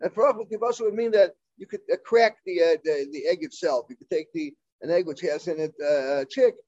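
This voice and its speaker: High-voiced man teaching a Talmud class. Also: a little mellow, highs cut off. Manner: halting, full of fillers and restarts, mixing Hebrew and Aramaic terms.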